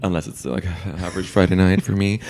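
A man's voice: deep voice, brisk, a little mellow. A man co-hosting a podcast, chatting casually with snarky, cheeky asides and frequent laughter. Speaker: podcast co-host. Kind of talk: casual chat recapping a TV show.

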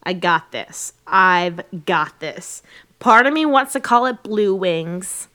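A woman co-hosting a comedy podcast, playful and quick to laugh along with improvised bits. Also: fairly low pitch, lively intonation, bright, forceful tone. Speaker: podcast co-host.

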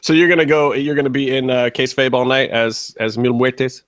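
A man's voice: medium pitch, brisk, a bit bright, smooth, no echo. A man co-hosting a podcast in casual chat, rambling and laughing easily. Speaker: podcast co-host.

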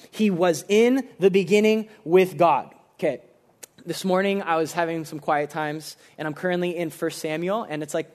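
A young man preaching a casual, animated sermon, talking conversationally and saying "like" often. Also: sits high. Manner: animated, conversational, heavy use of "like".

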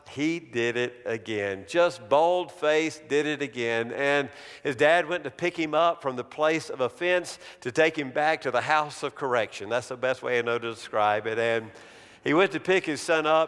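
A middle-aged man preaching a sermon in a church sanctuary, telling stories dramatically and slowing to a hush on key words. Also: on the high side, clear, resonant tone. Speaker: pastor. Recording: long reverb of a large hall.

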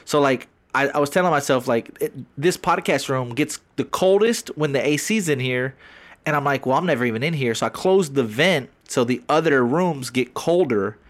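A man co-hosting a casual podcast from his home podcast room, ranting in an animated, profane way. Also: medium pitch, normal speed. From Texas. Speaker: podcast co-host.

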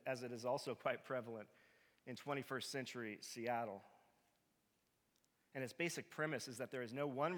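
A man's voice: medium pitch, a bit bright. A male pastor preaching a sermon, emphatic and direct, often asking his listeners rhetorical questions. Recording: long reverb of a large hall.

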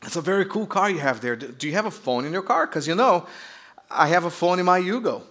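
Brief: a man doing a chirpy show-off in a tiny car, high and bright, Brazilian accent. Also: lively intonation, fast. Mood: cheeky. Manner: chirpy, teasing, bragging. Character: cheeky boastful man in a tiny cheap car.

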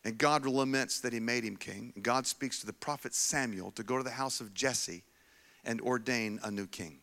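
A man preaching a sermon, telling a Bible story in a casual, animated way with frequent restarts. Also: mid-range voice, normal speed. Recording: long hall reverb.

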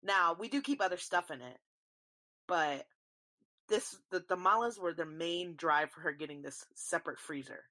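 A young woman podcasts solo at normal speed, her fairly low voice bright and forceful. She rambles casually, swears without hesitation, and speaks to listeners as y'all.

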